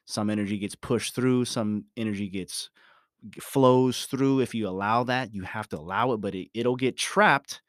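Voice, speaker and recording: A man's voice: on the low side, normal speed, dry recording, clean studio sound. A man giving a motivational talk, speaking emphatically and repeating his key phrases. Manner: repetitive, emphatic, preachy.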